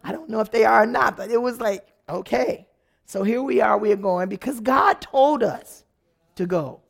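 Woman, personal testimony, lively storytelling, gravelly voice. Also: fairly high pitch, moderate pace. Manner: lively, animated, dramatic storytelling.

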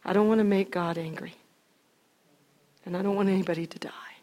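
A woman's voice: expressive, normal speed. Woman playing King David, indignant king. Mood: hushed. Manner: indignant shouting, later low and hushed. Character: King David, a frustrated man ruler, shouting then hushed. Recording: long reverb of a hall.

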